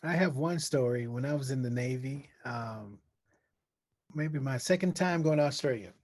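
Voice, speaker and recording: A man telling an anecdote in casual chat, rambling and often pausing on fillers. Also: mid-range voice, darkish tone. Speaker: guest.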